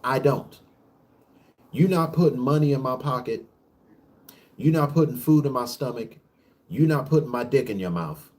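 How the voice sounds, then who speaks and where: A man delivering a casual on-camera rant, preachy and full of profanity. He talks in emphatic bursts, often restarting his sentences mid-thought. His voice sits at a middling pitch. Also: darkish tone. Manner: rapid bursts with frequent restarts. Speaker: vlog host.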